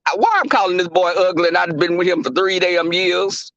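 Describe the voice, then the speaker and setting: A man's voice: high-pitched, brisk, fairly bright tone, no room sound, dull audio. A young man hosting a casual livestream, talking animatedly and profanely, laughing and calling out viewers in the chat. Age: young adult. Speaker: livestream host.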